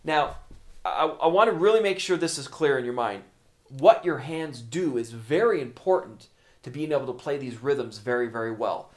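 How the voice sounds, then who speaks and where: A man's voice: mid-range voice, expressive, normal speed, a little hiss or hum. Man, drum teacher, patient explainer, counts rhythms aloud, medium voice. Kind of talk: instructional lesson.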